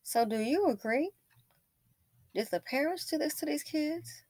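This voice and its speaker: A woman's voice: high voice, expressive, measured pace, darkish tone, no room sound. A woman host giving casual, opinionated commentary, telling a story with wry asides.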